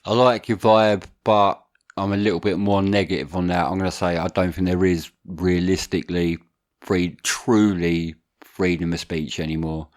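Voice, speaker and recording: A man's voice: deep voice, fairly even intonation, normal speed. A man co-hosting a podcast, chatting casually and animatedly, slangy and prone to restarts. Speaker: podcast co-host.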